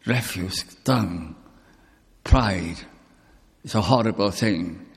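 An older man preaching a sermon with personal testimony, speaking slowly and deliberately, drawing out key words. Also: low-pitched, breathy edge. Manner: slow, deliberate, drawn-out emphasis. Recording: long reverb in a hall.

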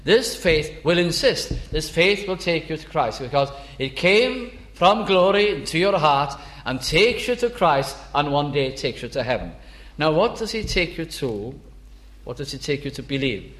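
A man's voice: fairly high pitch, very animated, measured pace, fairly bright tone, reverberant. A man preaching a sermon, earnest and emphatic, lifting his voice to stress key words.

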